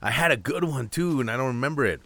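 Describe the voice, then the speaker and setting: A man's voice: medium pitch, animated, quick pace, gravelly, fairly bright tone, no echo. A man co-hosting a podcast, joking around and swearing heavily in casual banter. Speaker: podcast co-host. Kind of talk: casual chat.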